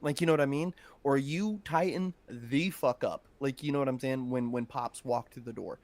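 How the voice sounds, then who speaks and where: A man's voice: medium pitch, moderate pace, a little mellow. Laid-back man chatting casually. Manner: laid-back, swears freely. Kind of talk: casual chat.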